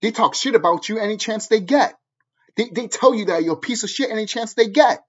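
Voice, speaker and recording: A man delivers an angry, preachy rant, swearing constantly as he lectures his viewers. His voice is husky and a little high for a man. The recording sounds dull and lo-fi. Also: expressive, fairly quick. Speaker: vlogger. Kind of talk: ranting monologue to camera.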